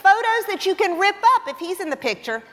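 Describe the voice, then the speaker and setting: A woman giving a humorous testimony sermon to a Christian women's gathering, telling her story in a lively, self-mocking way. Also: very high-pitched, a little fast, slight background noise. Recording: long reverb of a large hall.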